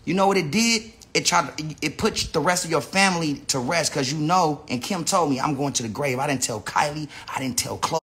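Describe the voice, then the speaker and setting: A man's voice: a little high, fairly quick, hardly any pauses, a bit bright. An American man ranting on a casual phone livestream, rambling with lots of slang, profanity and restarts. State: says he is high. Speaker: live streamer. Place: indoor room with a big screen.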